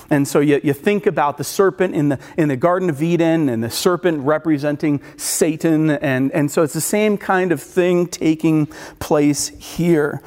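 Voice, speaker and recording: A man with a high voice delivers a relaxed, conversational sermon, stumbling over restarts and tossing in "like" and "right". His voice carries a long reverb, as if from a large hall. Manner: casual, rambling with many restarts and filler words. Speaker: preacher.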